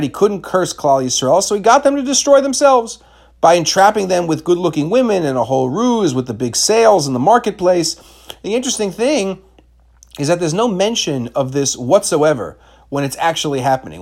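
A man's voice: a little high, a little mellow. A man giving a Torah class lecture, asking rhetorical questions and mixing in Hebrew terms.

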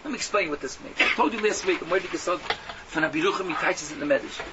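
A man giving a sermon to a class, mixing in Yiddish and Hebrew terms and swinging from hushed tones to loud exhortation. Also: fairly high pitch, fast talker. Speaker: Torah teacher. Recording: dull lo-fi audio from a distance with faint hum.

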